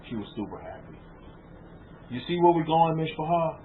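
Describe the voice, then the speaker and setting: Speaking to a small roomful of listeners, this rabbi gives an informal, lecture-style sermon, peppering it with rhetorical questions and repeating words as he goes. His voice is on the high side and animated, at a normal speed, captured in tinny, phone-like lo-fi with faint noise.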